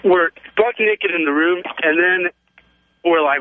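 A young man calling in to a talk show, telling a story in a rambling, excited way, full of "man" and "like". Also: a little high, normal speed, no echo. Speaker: caller. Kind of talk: phone-in storytelling. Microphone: telephone. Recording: tinny phone line, dry.

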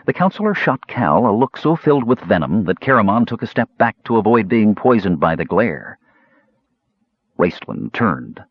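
A man reading a fantasy novel aloud as an expressive audiobook narrator. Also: on the low side, normal speed, breathy edge, no echo. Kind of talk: scripted narration. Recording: slightly muffled dry recording.

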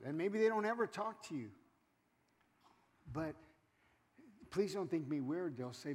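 A man's voice: on the high side, expressive, moderate pace. A male pastor preaching a sermon, calling out to the congregation and acting out churchgoers in quoted asides. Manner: preaching with call-outs to the congregation. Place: church sanctuary. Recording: reverberant church hall with congregation.

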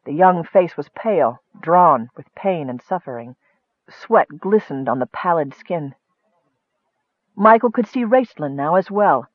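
A man with a high voice narrates a fantasy tale in a measured, expressive reading. The sound is dry and slightly muffled, close to the mic. He keeps an even storytelling pace. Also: no echo. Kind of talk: audiobook narration.

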